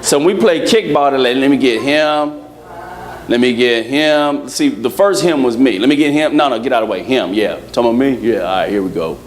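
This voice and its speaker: A man preaching a lively sermon to his congregation, joking and acting out little scenes as he goes. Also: medium pitch, fast talker, hardly any pauses. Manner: playful, acts out quotes, laughs with congregation. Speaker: pastor. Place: church service.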